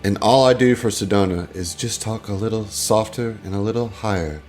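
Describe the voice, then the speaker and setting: A man's voice: lowish voice, brisk, darkish tone, faint music behind. A man co-hosting a tabletop podcast, giving easygoing advice and hedging often in casual chat. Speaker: podcast co-host.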